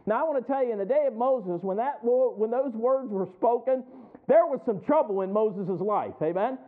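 A man's voice: extremely high pitch, expressive, moderate pace. A man preaching a sermon in a folksy way, quoting scripture and acting out the voices of worried churchgoers. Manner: folksy, acts out the congregation's inner voices; laughs often between lines. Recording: tinny phone-like sound.

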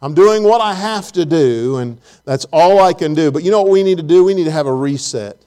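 Guy preaching a sermon, pretty high voice, punchy and repetitive, keeps asking the crowd stuff. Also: lively intonation, a little fast, warm tone, smooth. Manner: emphatic, repeats phrases, asks the congregation questions. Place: church auditorium.

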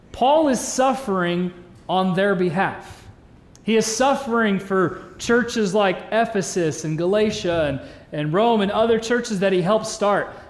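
A man in his thirties, a pastor, preaching a sermon in a church hall in an earnest, conversational way with joking asides. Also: high voice. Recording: reverberant church hall sound.

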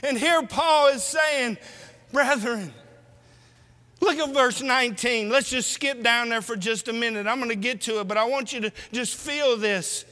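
Male preacher, very high, bright, forceful voice, lively exhortation, long hall echo. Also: measured pace. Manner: animated, exhorting the congregation with rhetorical questions. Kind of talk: sermon.

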